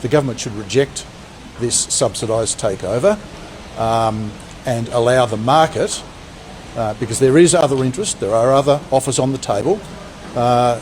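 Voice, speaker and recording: A man's voice: medium pitch, a little mellow, slight background noise, low-quality recording. A man, a senator speaking firmly in a political interview clip, stumbling over some words.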